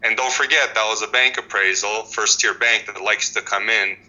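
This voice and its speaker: A man in his forties, speaking as a housing expert guest in an interview, telling stories with animated restarts. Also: fairly low pitch, moderate pace, lo-fi sound. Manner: animated storytelling with frequent restarts. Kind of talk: conversational interview.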